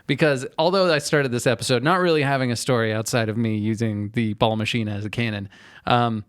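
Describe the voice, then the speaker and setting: A man's voice: medium pitch, a little fast, clear, resonant tone, no room sound, studio quality. A man hosting a casual podcast. He talks in a chatty way with lots of fillers and short murmured reactions. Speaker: podcast host. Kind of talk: casual chat.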